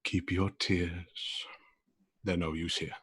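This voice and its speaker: A man voicing Simon, a terse and guarded brother who speaks quietly and coldly in a tabletop role-play. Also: on the low side, very animated, moderate pace, slightly rough.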